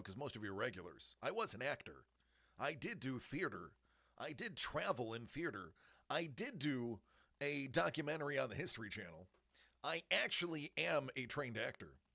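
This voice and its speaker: Chatty, gravelly-voiced male stream host. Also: mid-range voice, a bit bright. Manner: chatty, upbeat, reads viewer comments aloud and jokes with them; mutters to himself while fiddling with his setup. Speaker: livestream host running card breaks and giveaways. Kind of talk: casual live-stream chat.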